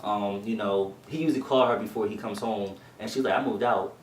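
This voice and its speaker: A young man co-hosting a casual talk show, wandering through his stories and quick to laugh. His voice sounds roomy and distant, as if he is sitting well back from the mic. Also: on the low side, steady tone, slight background noise. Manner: laughs easily, rambling storytelling. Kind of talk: casual chat. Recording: roomy echo, mic far off.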